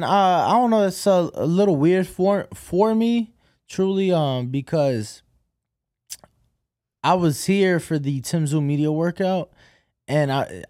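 A man's voice: on the high side, a little mellow, no echo, clean studio sound. A man co-hosting a casual boxing talk show, talking in a hesitant way with many fillers. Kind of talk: casual sports chat.

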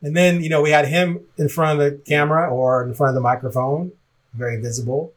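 A man's voice: on the high side, fairly even intonation, fairly quick. A man co-hosting a sports podcast, talking in a rambling, reflective way with frequent laughs. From Portland, Oregon area. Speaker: podcast co-host. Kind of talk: casual podcast chat.

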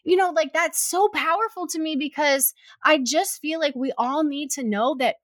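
Young woman chatting away, lots of "like"s, fairly high voice, dry close sound. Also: normal speed, fairly bright tone, dry recording. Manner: chatty, lots of "like" fillers, acts out quotes. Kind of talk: casual storytelling chat.

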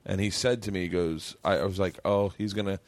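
A middle-aged man with a low voice tells a story at a quick clip, slipping into the voices of the people in it. His voice is recorded close and dry, with no room around it. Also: dry recording. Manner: animated, acts out quoted people in his stories. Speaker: podcast host. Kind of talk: casual storytelling chat.

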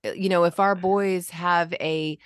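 Woman, low pitch, dry sound, coaching parents, casual talk. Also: steady tone, a little slow, clear, resonant tone, dry recording. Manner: coaching, demonstrates voices. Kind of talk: casual conversation.

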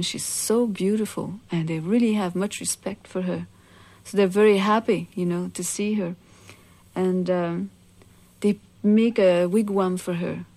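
A woman telling a traditional legend aloud in an unhurried, conversational way, often adding "you see" asides. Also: mid-range voice, mellow. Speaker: storyteller.

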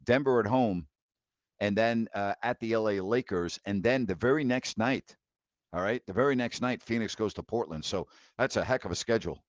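A man's voice: fairly low pitch, moderate pace, no room sound. A man in his fifties hosting a live call-in sports talk show, ranting bluntly with laughs of disbelief and many restarts. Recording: dry, dull lo-fi mic.

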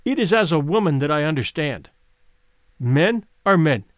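A man's voice: on the high side, big pitch swings, normal speed, no room sound, clean studio sound. A man voicing a pleading, passionate wealthy widow in a dramatic audiobook reading. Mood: coaxing. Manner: impassioned, pleading.

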